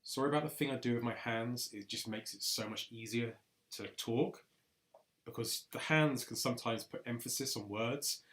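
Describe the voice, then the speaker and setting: A man's voice: mid-range voice, moderate pace, fairly bright tone. Young man, casual and rambling, an everyday mid-range voice. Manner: rambling, self-correcting, chatty. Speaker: video creator. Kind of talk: casual chat while recording voice lines.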